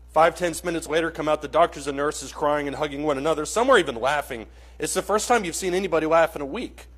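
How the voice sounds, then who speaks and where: A man's voice: fairly high pitch, fast talker, a bit bright. A man teaching a church Bible class, telling a dramatic story in an earnest, vivid way and speaking straight to his listeners.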